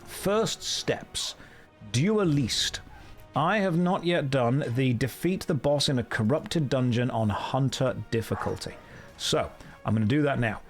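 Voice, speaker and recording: A man streaming from home on a desk microphone, chatting playfully with viewers while he plays. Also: fairly high pitch. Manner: playful, jokey, chats with viewers. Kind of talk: casual live game stream commentary.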